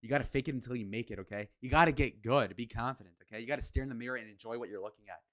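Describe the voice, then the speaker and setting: A man's voice: mid-range voice, rapid-fire, fairly bright tone. A man hosting a live reaction stream, talking in a brash, crude, mocking way. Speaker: livestream reaction host. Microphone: headphones on, desk mic.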